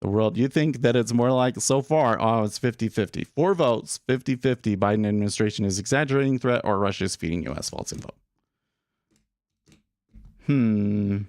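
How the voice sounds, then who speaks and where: Low-voiced man rambling through market commentary. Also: normal speed, darkish tone, no room sound, clean studio sound. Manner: rambling, thinking aloud, self-deprecating. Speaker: day trading livestream host.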